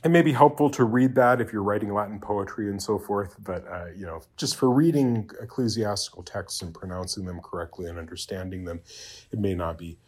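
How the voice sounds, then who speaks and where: A man giving an informal spoken Latin lesson, hesitant and full of fillers, slowly sounding out example words and checking in with "okay?". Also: lowish voice. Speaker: Latin teacher.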